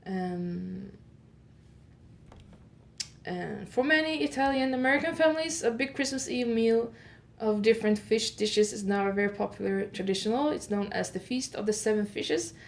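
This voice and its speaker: A woman hosting an audio advent calendar show. She reads holiday facts in one improvised take, pauses with "uh" to fix her pronunciation, and adds chatty asides to her listeners. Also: medium pitch, vocal fry. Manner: reads steadily, stops often with "uh" to correct her pronunciation.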